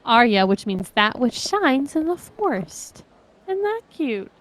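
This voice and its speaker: A woman's voice: on the high side, sing-song, unhurried, a bit bright. A woman co-hosting a live game stream, chatting casually, joking crudely and sharing trivia.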